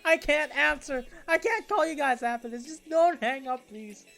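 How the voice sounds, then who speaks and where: A man's voice: extremely high pitch, normal speed, creaky, bright, forceful tone, soft background music, pitched above the performer's own voice, full character voice. A man putting on a frantic, tearful stranded guy. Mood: panicked pleading. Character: panicked young man stranded, begging for help.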